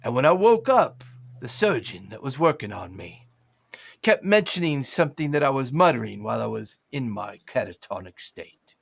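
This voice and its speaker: A man's voice: mid-range voice, sing-song, moderate pace, creaky. A man voicing a weary, friendly male half-ogre mercenary who drawls and calls people mate. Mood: musing.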